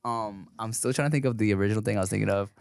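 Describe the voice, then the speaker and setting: A man's voice: on the low side, racing, vocal fry, clean tone, dry recording, studio quality. A man hosting a casual podcast chat, rambling, laughing and searching for words. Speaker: podcast host.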